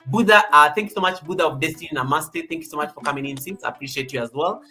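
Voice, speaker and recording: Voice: mid-range voice, fast talker, bright, forceful tone. Chatty Kenyan livestream host with music behind. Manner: chatty, repeats phrases, many fillers. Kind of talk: casual livestream chat, reading out viewer comments.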